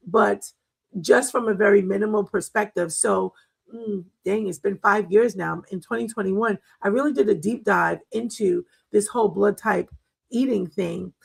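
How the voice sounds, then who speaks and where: This middle-aged woman hosts a wellness talk, casually chatting and sharing stories, laughing a lot and leaning on fillers. Her voice has medium pitch, vocal fry, and a breathy edge, and the recording quality is low.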